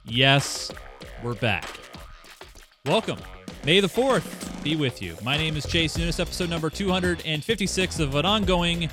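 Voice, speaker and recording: Male podcast host, upbeat and joking, slightly high voice, music playing behind. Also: expressive, unhurried. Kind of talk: casual podcast chat.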